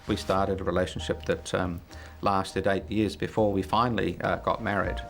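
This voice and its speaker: Gravelly low-voiced man telling his story. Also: flat delivery, moderate pace, over music. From New Zealand. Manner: gravelly, hesitant with many fillers, chuckles often. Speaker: interview guest. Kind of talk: reflective personal storytelling.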